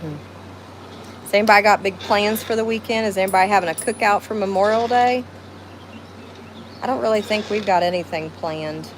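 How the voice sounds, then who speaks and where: A woman's voice: mid-range voice, brisk, pauses often, rough recording. Middle-aged woman, Southern drawl, casual livestream chat, rambling, faint outdoor noise behind. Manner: emotional, rambling, talks to viewers by name. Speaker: livestream host. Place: outdoors at home.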